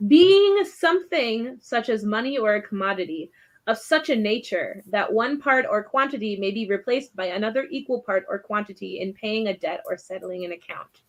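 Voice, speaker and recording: A woman's voice: mid-range voice, expressive, normal speed. A woman hosting a casual reading stream, teasing her co-hosts and giggling often. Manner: giggly, teasing, reads definitions aloud. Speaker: host of a reading sprint stream. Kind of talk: casual chat.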